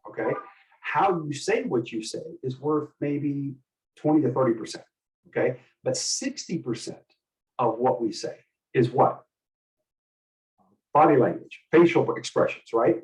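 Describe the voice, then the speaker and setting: A middle-aged man coaching a group, animated and full of questions for the people listening. His voice sits in a plain middle range and comes from some distance off the mic. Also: mid-range voice. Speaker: host and communication coach. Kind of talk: teaching a group session.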